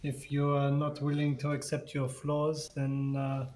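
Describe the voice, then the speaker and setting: A man's voice: medium pitch, completely flat delivery, measured pace, darkish tone, a little hiss or hum. A man playing a tabletop game, speaking in character in a formal, lecturing way with hesitant fillers. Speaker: player.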